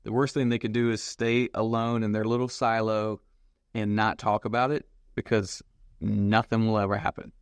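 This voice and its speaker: A man's voice: lowish voice, level tone, moderate pace, smooth, no echo. A man hosting a podcast, reacting to his guest and then giving enthusiastic, emphatic encouragement to listeners. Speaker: podcast host. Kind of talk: casual interview talk.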